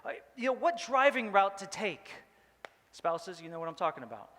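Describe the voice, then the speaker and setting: A man's voice: sits high, very animated, normal speed, pushed and bright, big-room sound. A male pastor giving a casual, joking sermon, rambling with many fillers. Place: church hall.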